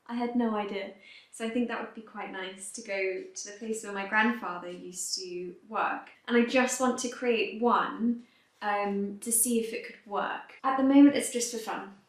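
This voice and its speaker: A woman vlogging in a casual, chatty way, full of "like" and "um", her voice softening and trailing off at the ends of phrases. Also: mid-range voice, fairly even intonation, normal speed. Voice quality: soft-spoken, trails off quietly at phrase ends. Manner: chatty, filler-heavy with frequent "like" and "um". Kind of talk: casual vlog chat to camera. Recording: echoey room.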